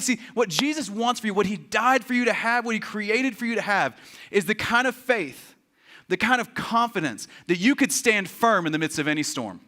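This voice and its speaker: A man's voice: high voice, normal speed. A man preaching a sermon as pastor, joking and acting out quotes with lots of energy. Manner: animated, joking, acts out quotes. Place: church.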